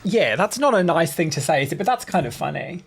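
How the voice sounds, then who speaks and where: A woman's voice: fairly low pitch, big pitch swings, a little fast, vocal fry, husky, soft background music. A woman with an Australian accent co-hosting a casual comedic chat, playful and teasing. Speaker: co-host.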